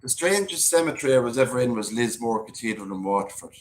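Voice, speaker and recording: A man's voice: mid-range voice, animated, fast. A man hosting a casual live-stream chat, chatting and reading out viewer comments.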